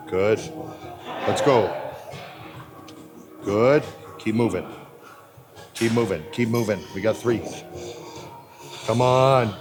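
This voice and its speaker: A man's voice: fairly low pitch, slow pace, pauses often. A man working as a personal trainer, calling out terse commands and counting reps aloud. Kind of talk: gym coaching. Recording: background music.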